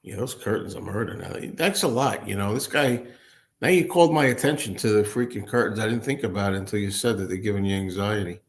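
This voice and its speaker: A man's voice: on the low side, fast. A man hosting a casual livestream, chatting and answering viewer comments as they come in. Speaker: livestream host.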